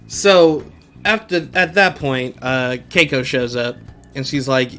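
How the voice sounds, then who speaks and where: A man's voice: on the high side, expressive, slow, long pauses, sharp tone, faint music behind. A man hosting a podcast, casually recapping an episode in slangy talk and laughing often. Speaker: podcast host.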